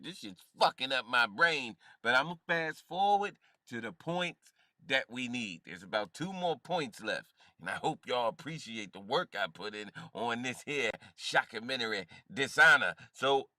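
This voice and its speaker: A man streams his reaction with heated, mocking commentary, his voice swinging widely up and down. The tone is bright and edgy, and the sound is dry and close. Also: medium pitch, no room sound. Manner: heated, mocking, laughs often.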